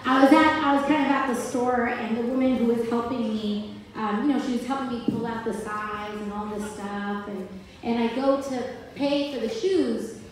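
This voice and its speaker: A woman's voice: fairly high pitch, fairly even intonation, moderate pace. Chatty young woman, echoey rally hall. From Bronx, New York, USA. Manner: chatty, heavy use of "like", frequent restarts, laughs easily. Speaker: political candidate speaking at a rally. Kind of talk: casual off-the-cuff speech. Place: indoor event space with a crowd. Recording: echoey hall from far off, loud crowd noise.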